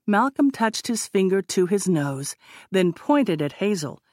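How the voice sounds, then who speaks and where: In studio-quality sound with no room ambience, a woman with a medium-pitched voice narrates an audiobook in a measured, expressive manner.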